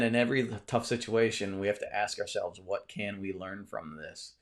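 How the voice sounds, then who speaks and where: A man hosts a casual live stream from his home. His voice sits somewhat low, and he talks in a loose, rambling way, full of fillers and restarts, as he answers comments. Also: moderate pace, hardly any pauses. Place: cluttered home room mid-move.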